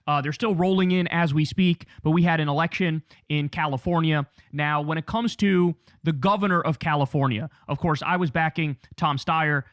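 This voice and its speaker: Energetic chatty male show host. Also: on the high side, dry recording, studio quality. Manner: energetic, chatty, addresses chat as y'all. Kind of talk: news commentary show opening.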